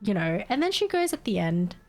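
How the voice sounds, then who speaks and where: A woman streamer chatting to her viewers in an exasperated, foul-mouthed storytelling way, breaking into laughs often. Her voice sits at an ordinary middle pitch. Faint music plays softly underneath. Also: sing-song, brisk. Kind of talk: casual storytelling to stream chat.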